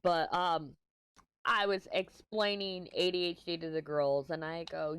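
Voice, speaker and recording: Low-voiced rambling Texan woman. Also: moderate pace, slight background noise. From Texas. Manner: rambling, jumps between topics, swears casually. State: a little stuffy-nosed. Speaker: craft vlogger. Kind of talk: casual chat while crafting.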